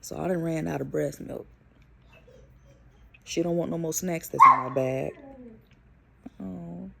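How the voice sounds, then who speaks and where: Gravelly young mother telling a story. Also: low-pitched, moderate pace, very noisy. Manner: animated, profane, emphatic retelling. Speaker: vlogger and mother. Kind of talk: casual storytelling to camera.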